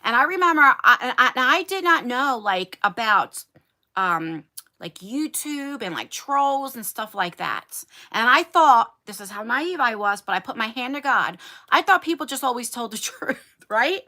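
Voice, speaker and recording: A talkative woman chats with her viewers on a livestream from her attic bedroom. Her voice sits fairly high and bright and swings widely in pitch. She talks to them directly, like a friend catching up. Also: very animated, moderate pace. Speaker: beauty YouTuber. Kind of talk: casual livestream chat.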